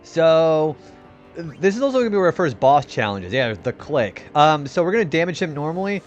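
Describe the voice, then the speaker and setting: Brief: a laid-back young man streaming games, casual and animated, with soft background music. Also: fairly high pitch, normal speed, highs cut off. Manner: chatty and laid-back, greets viewers, laughs often. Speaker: game streamer. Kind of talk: casual live-stream commentary.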